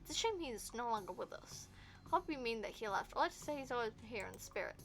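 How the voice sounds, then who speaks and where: Creepy grinning innkeeper man, sly, falsely polite, lively swooping pitch, put on by a woman reading a text game. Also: fast talker, faint music behind. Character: creepy grinning male innkeeper, secretly sinister.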